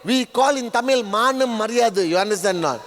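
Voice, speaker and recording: A man giving a motivational stage speech, emphatic and repetitive, sometimes shouting at the audience. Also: high voice, animated, fairly quick, slight background noise. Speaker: motivational speaker. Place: large event hall. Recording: long reverb of a large hall.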